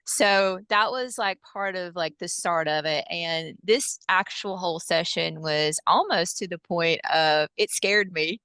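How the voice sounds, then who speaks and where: A woman with a bright, tense-edged voice tells stories in an animated, chatty way. Her tone is smooth and clear, full of fillers and acted-out quotes. The recording is close and dry. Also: fairly low pitch, unhurried, hardly any pauses, no echo. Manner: lively, filler-heavy retelling with quoted dialogue. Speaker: hypnosis practitioner guest. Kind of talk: animated storytelling in casual chat.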